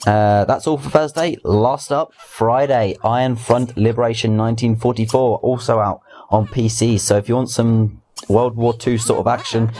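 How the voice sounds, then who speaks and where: Low-voiced young man chatting about games. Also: a little mellow. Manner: chatty, rambling, with restarts and asides. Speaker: gaming video host. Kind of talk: casual weekly games news roundup.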